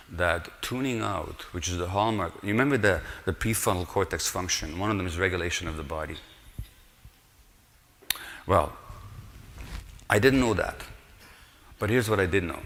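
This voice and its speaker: A man's voice: deep voice, a bit bright. A man, a physician, giving an earnest, explanatory public lecture and stressing points with rhetorical questions. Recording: long hall reverb.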